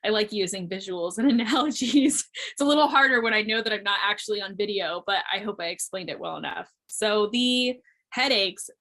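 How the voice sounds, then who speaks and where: Woman, 30s, from Missouri; interview guest, reflective and chatty, middle pitch. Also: brisk, pushed and bright. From Missouri, USA. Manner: reflective, frequent "like" fillers, light laughs. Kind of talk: casual interview talk. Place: remote audio interview.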